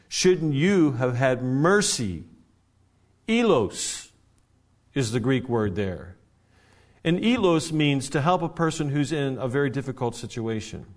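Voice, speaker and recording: Preaching in a conversational style, a pastor with a mid-range voice keeps restarting his thoughts and asking the congregation questions directly. At the key moments, his delivery turns emphatic.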